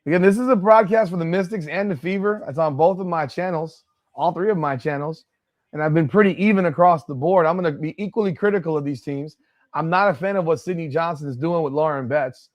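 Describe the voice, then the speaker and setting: A man's voice: fairly high pitch, brisk. Blunt, profane male watch-party streamer. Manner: blunt and profane, breaks into exasperated outbursts. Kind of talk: live play-by-play watch-along commentary.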